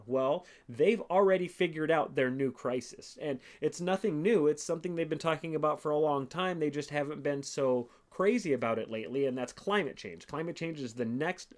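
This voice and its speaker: Male podcast host, sarcastic, profane solo monologue, pitched a little high. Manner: animated, profane, sarcastic, reads quotes aloud slowly. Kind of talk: casual monologue commentary.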